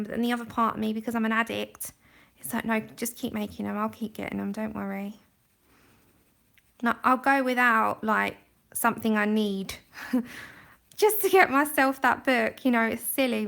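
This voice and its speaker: Chatty London woman, slightly gravelly. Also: on the high side, steady tone, moderate pace, fairly bright tone. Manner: chatty, rambling, laughs often. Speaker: livestream host. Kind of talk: casual chat while colouring. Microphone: phone.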